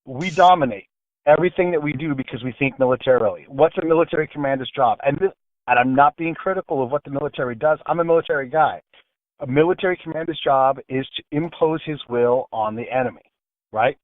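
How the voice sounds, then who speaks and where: A man's voice: mid-range voice, fast, no room sound. A man with a military background, speaking as a radio talk show guest in an emphatic way and repeating words for stress. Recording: phone line.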